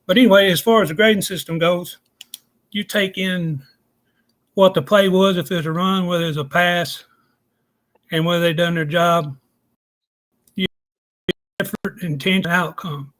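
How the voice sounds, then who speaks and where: A man's voice: high-pitched, steady tone, moderate pace, pauses often, fairly bright tone. A man, talking casually as a guest and explaining things step by step in a folksy, plainspoken way. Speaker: guest analyst. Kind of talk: casual podcast chat.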